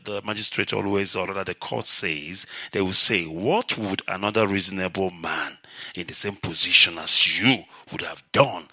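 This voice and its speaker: A man with a Nigerian accent hosting a live radio call-in show, talking in a measured, lecturing way. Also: low voice, no echo. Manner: measured, lecturing, rises to animated shouting when telling stories. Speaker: radio host.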